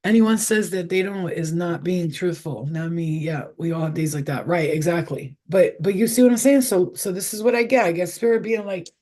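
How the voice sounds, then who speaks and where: A woman's voice: lowish voice, normal speed, few pauses, dark tone. A middle-aged woman reads tarot on a casual livestream and swears freely. She talks in loose, rambling asides, candid and unpolished. She sounds like she is recorded on a simple webcam or phone mic in her own room. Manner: profane, candid, rambling storyteller. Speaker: tarot reader. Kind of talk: casual live tarot reading chat.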